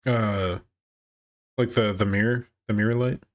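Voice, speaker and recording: Low-voiced man chiming in on podcast. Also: fairly even intonation, measured pace. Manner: laid-back, agreeing and chiming in. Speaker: podcast co-host. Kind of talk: casual movie chat.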